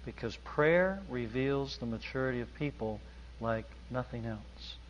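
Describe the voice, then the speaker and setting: A man preaching a sermon in an emphatic, deliberate manner in a large church hall. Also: mid-range voice, a little hiss or hum. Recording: dull audio with long hall reverb.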